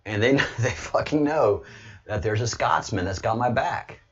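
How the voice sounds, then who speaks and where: A man talking casually on his livestream, rambling and now and then breaking into loud, excited bursts. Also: medium pitch, measured pace, husky, dull audio. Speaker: livestreamer, political commentator.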